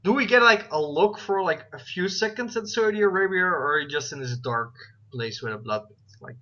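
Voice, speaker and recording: A man's voice: sits high, expressive, a little fast, pushed and bright, lo-fi sound. A man running a tabletop game as game master, rambling with lots of fillers and restarts. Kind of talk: casual tabletop game narration.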